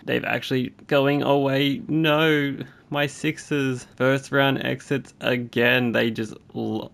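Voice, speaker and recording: A young man giving casual commentary while playing a basketball video game, chatting along and reacting aloud with sudden excited jumps. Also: fairly low pitch, creaky. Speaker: gaming YouTuber.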